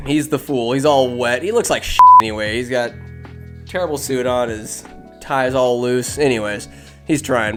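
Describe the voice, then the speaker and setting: A man's voice: mid-range voice, fairly bright tone. A man hosting a podcast, casually retelling a movie in a rambling, offhand way full of asides. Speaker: podcast host.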